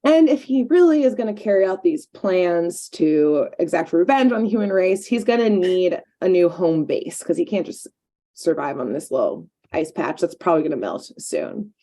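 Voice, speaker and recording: This woman co-hosts a podcast, casually recapping a cartoon episode in a chatty way, with "like" and "um" turning up constantly. Her voice sits on the low side and has a dark tone, an expressive delivery, and a moderate pace.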